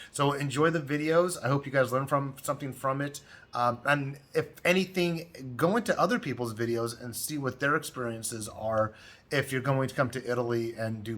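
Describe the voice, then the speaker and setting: A middle-aged man chatting casually as a travel vlogger in a hotel room, telling stories in a talkative way and growing loud as he retells a quarrel. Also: mid-range voice. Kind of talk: casual vlog chat.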